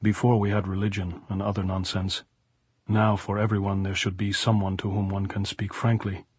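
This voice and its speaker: A man reading the lines of a blunt, earthy middle-aged guerrilla woman in an audiobook, speaking frankly and gravely. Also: on the low side, little pitch movement, normal speed, a little mellow, no echo.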